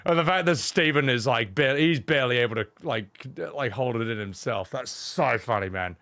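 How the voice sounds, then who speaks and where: A man's voice: medium pitch, moderate pace, a bit bright, no room sound. Opinionated man streaming a game. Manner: opinionated, rambling, swears freely. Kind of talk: casual live-stream chat.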